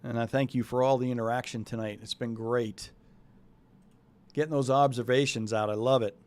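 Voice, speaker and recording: A man's voice: mid-range voice, fairly even intonation, normal speed, darkish tone. A man from New England hosting a weather show, talking loosely and chattily and thinking aloud as he walks through the forecast. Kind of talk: casual live weather talk.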